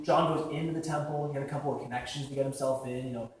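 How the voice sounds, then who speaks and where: A young man giving a casual sermon, talking conversationally with lots of "like" fillers and acting out quick quotes. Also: medium pitch, fairly even intonation, a little hiss or hum. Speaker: preacher. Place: large echoing church hall. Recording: very echoey hall from far off.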